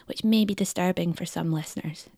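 A woman with a Scottish accent hosting a podcast in scripted narration, lively, wry and articulate. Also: fairly low pitch, a little fast, loud music behind the voice. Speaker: podcast host.

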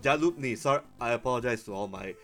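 A man co-hosting a podcast, chatting casually about films with relaxed, dry jokes. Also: mid-range voice, fast talker, over music. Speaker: podcast co-host. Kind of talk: casual film chat.

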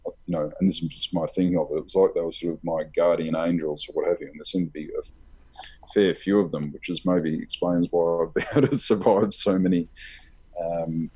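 Low husky man, halting storyteller. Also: fairly even intonation, lo-fi sound. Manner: halting, rambling, many fillers; laughs nervously. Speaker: author being interviewed. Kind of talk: candid conversational storytelling.

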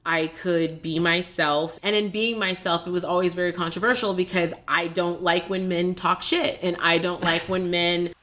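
A woman guest on a podcast telling a personal story candidly, chatty and animated, with many filler words. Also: lowish voice, moderate pace, few pauses. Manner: animated, acts out quoted dialogue.

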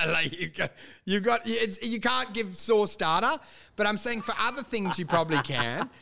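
A man's voice: high-pitched, expressive, measured pace, vocal fry, pushed and bright. An Australian man in casual comedic banter, riffing and laughing as he acts out absurd scenarios.

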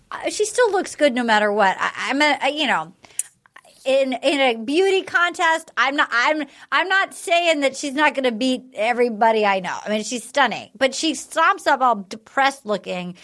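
A woman with a high, bright-toned speaking voice leads a loose, chatty recap. She is blunt and frank, joking as she goes. Her delivery is animated and conversational. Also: moderate pace. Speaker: podcast host. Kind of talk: casual recap chat.

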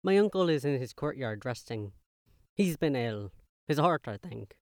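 A man voicing a cautious young woman who is protective of her sick uncle, speaking softly in an audio story. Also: mid-range voice, expressive, normal speed, no room sound, studio quality, close to an everyday voice. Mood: worried.

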